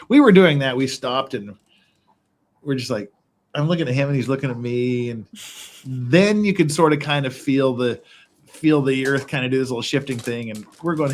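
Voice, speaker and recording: A man's voice: medium pitch, a little fast, slight background noise. A man hosting a livestream at home, telling rambling, casual stories, swearing freely and laughing often. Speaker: livestream host. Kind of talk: casual chat. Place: his house in Korea.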